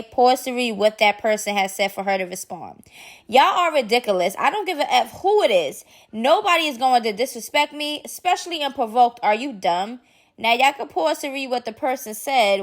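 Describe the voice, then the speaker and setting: A woman hosting a celebrity gossip channel, reading posts aloud and commenting in a sassy, chatty way. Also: on the high side. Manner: sassy, chatty, addresses viewers as y'all.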